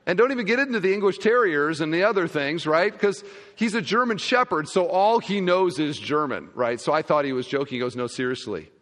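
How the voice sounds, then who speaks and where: A male pastor preaching a sermon, telling a humorous story in a conversational, animated way. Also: high voice, brisk. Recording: long hall reverb.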